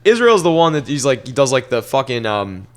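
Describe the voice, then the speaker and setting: Laid-back Philly podcast co-host, mid-pitched voice, casual swearing. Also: male voice, very animated, brisk. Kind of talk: casual chat.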